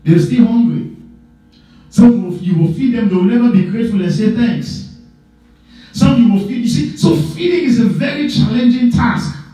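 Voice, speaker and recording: A man preaching a sermon as pastor, emphatic and repetitive, swinging between loud stresses and low asides. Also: moderate pace, soft background music. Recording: echoey church hall, mic at a distance.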